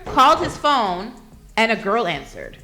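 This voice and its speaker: A woman hosting a casual group chat, telling a story with lively acted-out quotes. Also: fairly high pitch, a little slow, soft background music. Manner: animated storytelling, acts out quotes. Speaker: radio show host.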